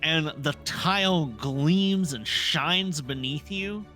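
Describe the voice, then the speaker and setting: A man narrating a tabletop role-playing game as dungeon master, setting scenes in an unhurried, descriptive way. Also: fairly high pitch, bright, forceful tone, faint music behind.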